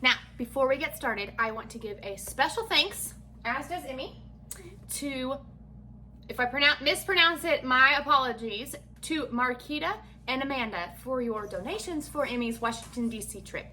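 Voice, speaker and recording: A woman's voice: sits high, animated, normal speed, sharp tone, slight background noise. A woman, a chatty, folksy mother talking through a casual home cooking vlog in her kitchen with self-deprecating humor. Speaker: home cook vlogger and mother.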